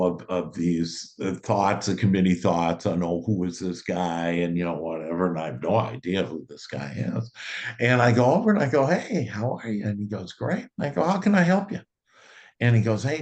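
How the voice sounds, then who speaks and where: Deep-voiced man telling a story. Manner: enthusiastic storyteller with laughs. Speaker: host.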